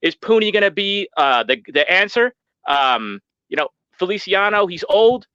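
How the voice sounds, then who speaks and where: A man calling in to a sports show, excited and stammering as he talks about his team. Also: high voice, moderate pace, clean tone, no echo. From San Francisco Bay Area. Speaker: caller. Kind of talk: casual sports talk. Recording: dull lo-fi call line.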